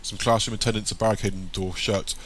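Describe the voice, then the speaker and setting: A man narrates an audiobook in a steady, descriptive read. His voice is on the low side yet bright and forward. A faint hiss sits under the recording. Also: fast.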